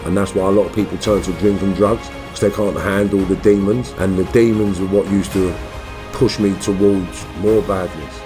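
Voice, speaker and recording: A middle-aged man, a guest in an interview, telling rough stories with heavy swearing and acting out quotes loudly. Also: low-pitched, normal speed, over music. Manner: animated, swears heavily, acts out quotes in a raised voice. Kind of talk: storytelling in an interview.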